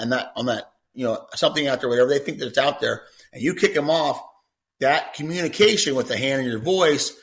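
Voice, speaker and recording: Male dog trainer guest on a podcast, talks loosely, repeats himself, mid-pitched everyday voice. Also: fairly bright tone. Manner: rambling, repeats words, conversational. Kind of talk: podcast Q&A answer.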